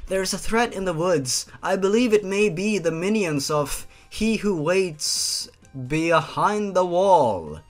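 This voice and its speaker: A man's voice: high voice, animated, takes it slowly, few pauses, faint music behind, pitched above the performer's own voice. A man voicing a timid masked boy with a nervous stammer.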